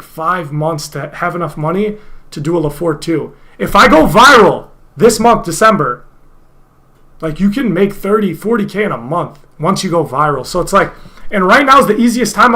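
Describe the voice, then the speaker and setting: Young man, streamer, high voice, bright tone, casual rant, profane, rambling. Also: animated, normal speed. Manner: profane, rambling, loud outbursts.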